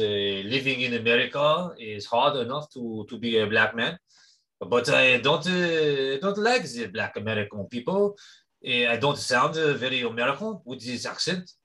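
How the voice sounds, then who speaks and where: A man voicing a proud, prejudiced man from Martinique with a heavy French accent, talking haltingly with many "uh"s in a comedy podcast bit. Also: fairly low pitch, level tone, sharp tone, voice pushed down, heavily acted. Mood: mournful. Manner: halting, full of "uh", self-pitying.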